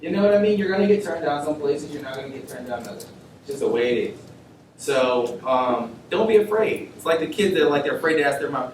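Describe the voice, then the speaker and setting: A young man, a medical student, giving an animated, informal workshop talk to students and acting out bits of dialogue. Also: on the high side, a little fast. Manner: animated, laughing, acts out dialogue. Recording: echoey room, mic far off, faint noise.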